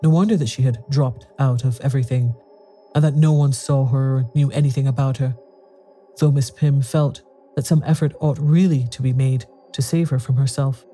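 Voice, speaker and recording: A man narrating a ghost story in a measured storytelling manner. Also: mid-range voice, fairly even intonation, warm tone, faint music behind.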